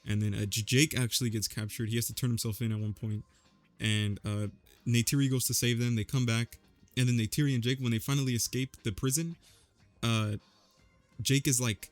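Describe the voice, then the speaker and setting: A man's voice: mid-range voice, brisk, soft background music. Rambling young man recapping a movie. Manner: rambling, slang-heavy, fillers. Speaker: vlogger.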